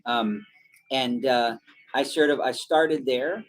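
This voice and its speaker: A man, a voice actor, talking casually in an interview, halting with many fillers and restarts. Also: medium pitch, rough recording. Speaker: voice actor guest.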